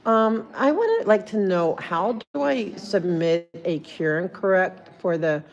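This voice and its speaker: A woman's voice: medium pitch, lively intonation, unhurried. A woman with a New Jersey accent, livestreaming in a rambling, chatty way full of restarts, recorded on a handheld phone. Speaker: streamer. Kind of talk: casual livestream chat.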